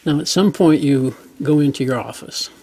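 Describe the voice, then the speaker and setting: A man's voice: mid-range voice, mellow, husky, poor audio. A man hosting a podcast interview who prompts his guest with short, supportive questions. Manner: supportive, quick prompts and agreement. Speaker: podcast host.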